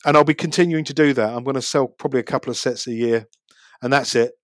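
A man's voice: mid-range voice, quick pace, dry recording, clean studio sound. A man, talking casually about street photography and city life, chatty with frequent restarts. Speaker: street photographer, podcast guest. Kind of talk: casual chat.

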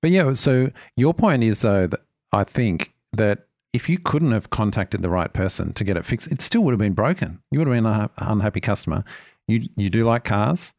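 A man's voice: fairly low pitch, lively intonation, moderate pace, a little mellow, no echo, studio quality. A man co-hosting a podcast, prompting his partner in casual conversation. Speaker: podcast co-host. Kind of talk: casual chat.

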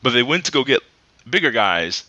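A man's voice: mid-range voice, very animated, a little fast, pushed and bright, no echo, lo-fi sound. A man co-hosting a podcast, rambling through stories in casual chat with many fillers. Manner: rambling storyteller, many fillers and acted quotes. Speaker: podcast co-host.

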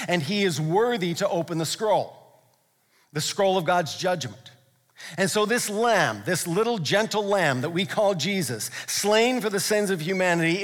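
Male pastor, high voice, impassioned sermon delivery, long hall reverb. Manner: impassioned, builds to loud repeated exclamations.

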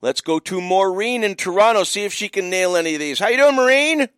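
Upbeat, high-voiced male radio host. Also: expressive, fairly quick, fairly bright tone, clear, resonant tone, dry recording, poor audio. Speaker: radio call-in show host. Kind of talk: energetic call-in radio hosting. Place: radio studio. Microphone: studio microphone.

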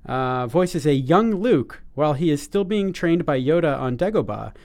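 Upbeat man, fairly high voice. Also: animated, moderate pace, darkish tone. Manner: upbeat, joking, frequent fillers. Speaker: podcast co-host. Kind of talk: casual chat.

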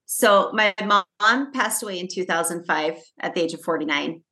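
A chatty woman co-host with a bright, forward voice, telling stories in a loose, rambling way. Her talk runs on, full of "um"s and restarts. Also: on the low side, moderate pace. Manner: chatty storyteller, frequent fillers and restarts. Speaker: podcast co-host. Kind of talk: casual chat.

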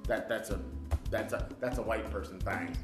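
Very deep-voiced blunt woman. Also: moderate pace. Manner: blunt, argumentative, lecturing. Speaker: podcast co-host. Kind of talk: casual chat. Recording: echoey room with music behind.

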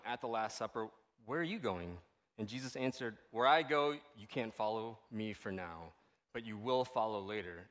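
Man, pastor, casual sermon, bright forceful voice, long echo of a big hall. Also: fairly low pitch. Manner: animated, conversational, asks the audience "right?" often.

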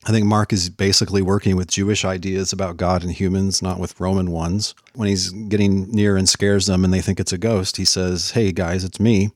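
Deep-voiced man rebutting in a debate. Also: flat delivery, a little fast, hardly any pauses, no echo, studio quality. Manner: dismissive, confident rebuttals. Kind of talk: formal debate answer.

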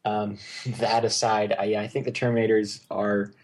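A man's voice: on the low side, level tone, moderate pace, a little mellow. A man co-hosting a casual movie chat, rambling and enthusiastic, full of fillers and restarts. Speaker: podcast co-host.

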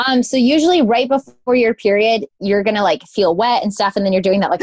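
A woman of middling pitch talks as a podcast guest, loose and informal, peppering her explanations with "like" and "um". Her voice sits dry and close, with no room sound around it. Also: brisk, few pauses, darkish tone, no echo. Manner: chatty and informal, full of "like" and "um". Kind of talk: casual conversational interview.

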